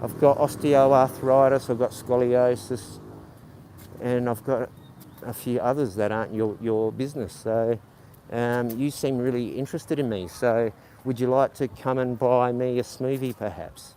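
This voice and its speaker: A man's dark, mid-range voice stays fairly even in intonation and measured in pace as he hosts a casual walking livestream on city streets. He has a stutter, rambles with many ums, and shoots sarcastic remarks at his chat over faint street noise.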